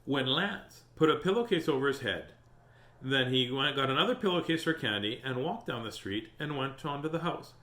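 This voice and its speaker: A man's voice: mid-range voice, normal speed. A man hosting a storytime, reading a picture book aloud and chatting with viewers. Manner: animated, chatty, greets viewers. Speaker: storytime host. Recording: roomy echo.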